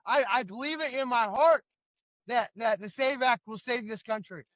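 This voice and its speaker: A man's voice: very high voice, moderate pace, fairly bright tone, no room sound, lo-fi sound. A middle-aged man co-hosting a political talk show, ranting in an indignant, emphatic way. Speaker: co-host.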